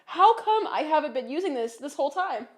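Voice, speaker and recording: Midwestern woman in her twenties, podcast host, high and bubbly, giggly, swears casually. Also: sing-song, brisk. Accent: Midwestern American. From Iowa, US Midwest. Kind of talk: casual chat.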